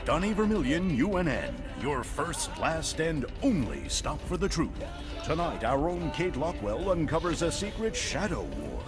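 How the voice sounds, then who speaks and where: A man's voice: on the high side, sing-song, moderate pace, over music. A man voicing a slick, pompous TV news anchor in a video game cutscene. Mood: showy. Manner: pompous broadcaster delivery.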